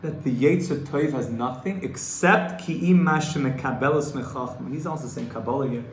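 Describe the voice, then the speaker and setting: A man teaching a Torah class to a small group, earnest and rhythmic, swelling louder and higher to stress his points. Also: normal speed, a little hiss or hum. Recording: echoey room, faint room ambience.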